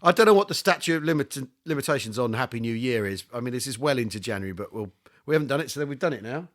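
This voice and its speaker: A man co-hosting a comic history podcast, jokey and theatrical with quick asides. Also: medium pitch, expressive, fairly bright tone. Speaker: podcast co-host.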